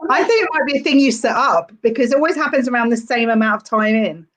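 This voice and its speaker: A woman's voice: on the high side, quick pace, a bit bright. A young adult woman, a stand-up comedian, chatting casually on a podcast in a rambling way with lots of fillers.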